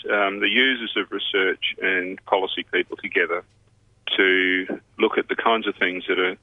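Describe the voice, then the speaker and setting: A man, an institute head interviewed on radio, explaining things in a measured way with many pauses. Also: deep voice, dry recording. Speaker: CEO of a health research institute. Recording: muffled phone line.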